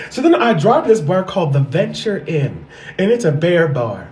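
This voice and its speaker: A man's voice: a little high, sing-song, normal speed, a little mellow, a little hiss or hum. A man in his thirties doing stand-up storytelling, sassy and profane, repeating his punchlines for effect. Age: 30s. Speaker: stand-up comedian. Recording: echoey room.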